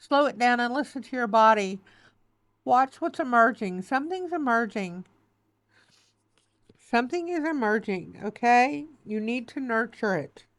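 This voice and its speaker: A woman's voice: fairly high pitch, animated, measured pace, fairly bright tone, dry recording. A woman reads tarot to her listener, her voice tearful and close to breaking. She comforts and urges by turns, repeating phrases and checking in with "okay?". The sound is dry and close, with no room around it. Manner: emotional, reassuring, repetitive, says "okay" and "baby". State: close to tears. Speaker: tarot reader. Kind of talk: spoken tarot reading.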